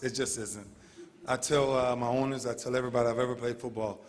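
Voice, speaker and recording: A man in his thirties giving an emotional, heartfelt banquet speech, repeating his phrases with earnest feeling. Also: medium pitch. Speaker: award speaker. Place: large banquet hall. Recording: long hall reverb.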